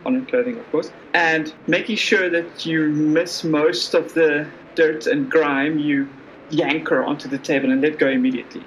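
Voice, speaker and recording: A woman narrating as game master of a tabletop game in a lively, playful way with wide pitch swings. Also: normal speed, a little hiss or hum, rough recording.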